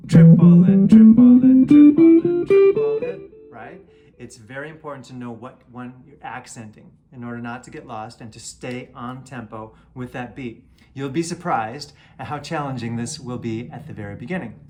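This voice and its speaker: A man's voice: medium pitch, moderate pace. Man teaching guitar over his own playing. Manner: counts beats and chants "triplet" loudly over playing. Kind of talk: casual lesson, counting aloud over guitar.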